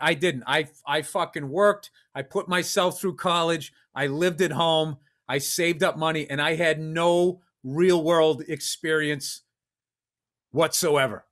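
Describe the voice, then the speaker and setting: Here the same kind of storyteller, a middle-aged Massachusetts man hosting a podcast, rambles through a crude, self-deprecating tale. He speaks unhurriedly in a fairly high, slightly bright voice with a steady tone.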